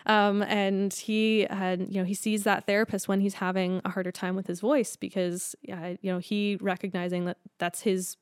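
A woman's voice: mid-range voice, little pitch movement, normal speed, hardly any pauses, clear, resonant tone, no echo, clean studio sound. A woman speech pathologist explaining her work in a chatty interview, filling with "like" and "um" and laughing easily. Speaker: speech language pathologist guest. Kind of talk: casual explanatory interview talk.

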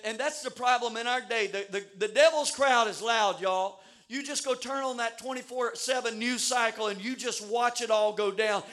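A man preaching a sermon in a church service, shouting and building fervent repeated declarations, at times out of breath. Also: very high-pitched. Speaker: pastor.

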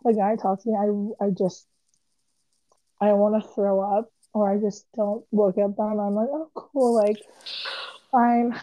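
Young woman, casual co-host, dry close sound, slightly dull recording, mellow tone, rambles with "like". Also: mid-range voice, little pitch movement, normal speed, dry recording. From Las Vegas area. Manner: rambling, heavy use of "like". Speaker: podcast co-host. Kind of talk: casual chat.

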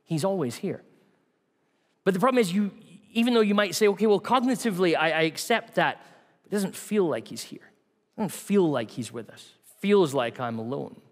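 A man preaching a sermon in a church, telling stories with a varied delivery that drops to quiet asides. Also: high voice, expressive, moderate pace, long reverb tail.

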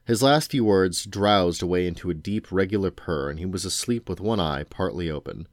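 A man reading a novel aloud to his sons at home, at a steady, unhurried pace. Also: deep voice, no echo, clean studio sound. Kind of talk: bedtime storybook reading.

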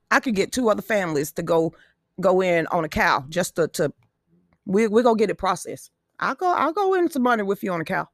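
A woman's voice: a little high, a bit bright, dry recording, studio quality. A middle-aged woman, hosting a live show in brash, profane, joking casual chat.

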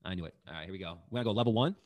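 A man's voice: deep voice, very fast. A man hosting a casual lyric quiz, reading out lines and answer options and laughing easily. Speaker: quiz host. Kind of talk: casual game chat.

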